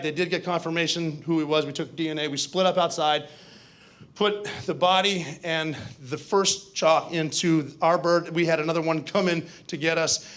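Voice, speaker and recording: A man telling a war story to an audience in a conversational, animated way with asides. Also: a little high. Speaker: keynote speaker. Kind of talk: storytelling speech.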